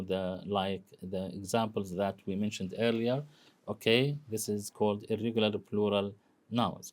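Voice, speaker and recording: Low, mellow-voiced male English lecturer. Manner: explains slowly with many fillers like "you know" and "okay?". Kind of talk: recorded classroom lecture.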